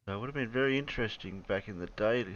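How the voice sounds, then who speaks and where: Guy hosting a chill livestream, bright tense voice, kinda muffled lo-fi mic, laughs a lot. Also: on the low side, very fast. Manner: chuckly, greets viewers, trails off often. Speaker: livestream host. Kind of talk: casual group chat on a livestream. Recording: dull lo-fi mic audio.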